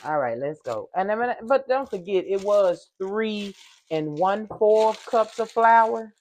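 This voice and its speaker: An older woman chatting casually to viewers while baking in her home kitchen. She hums along as she works and sometimes gets loud in the microphone. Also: medium pitch, lively intonation, slow, slight background noise. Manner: loud at times, apologizes for yelling into the mic. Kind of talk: casual cooking vlog.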